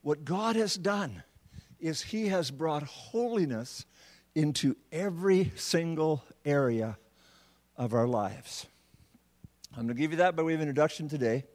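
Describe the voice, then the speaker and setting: Male preacher, sermon delivery, slightly high voice, unhurried, leans hard on key words. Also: expressive, darkish tone, in a large hall. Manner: building to emphatic, drawn-out words on key points; repeats words as he restarts phrases.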